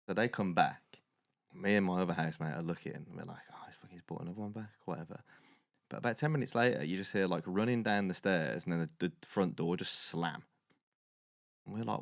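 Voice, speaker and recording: A young man, co-hosting a podcast, telling a story casually and animatedly, swearing and loudly acting out quotes. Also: deep voice, brisk, vocal fry, no echo, clean studio sound. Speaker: podcast co-host.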